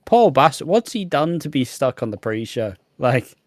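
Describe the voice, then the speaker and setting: A man's voice: mid-range voice, very animated, a little slow, no echo, studio quality. A young man co-hosting a podcast, chatting bluntly about wrestling with lots of slang and swearing. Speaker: podcast co-host. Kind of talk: casual wrestling chat.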